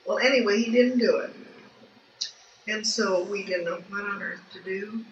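An older woman with a medium-pitched voice recalls her family life in an oral history interview, speaking at a normal pace. She rambles in a folksy way with many restarts, and the home recording sounds distant, echoey, dull and noisy.

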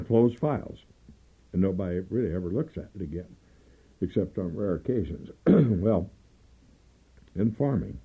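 An older man, a trial lawyer, telling long stories in an interview and often clearing his throat. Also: deep voice. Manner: rambling storyteller, frequent throat clearing. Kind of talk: oral history interview, storytelling. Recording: dull lo-fi tape, faint music.

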